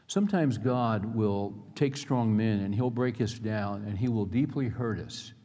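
Middle-aged man, pastor, sermon, low mellow voice, folksy earnest storytelling, long hall reverb. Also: unhurried.

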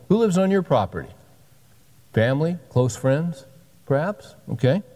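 A man's voice: fairly high pitch, very animated, normal speed, long pauses, dark tone, in a large hall. A pastor in his sixties giving a sermon with folksy, joking asides. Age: 60s.

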